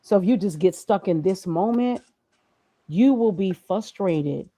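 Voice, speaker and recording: A woman's voice: medium pitch, animated, a little slow, mellow, dry recording, poor audio. A woman speaking as a guest in a conversational interview, emphatic and preachy, firing off rhetorical questions. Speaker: graphic designer and guest.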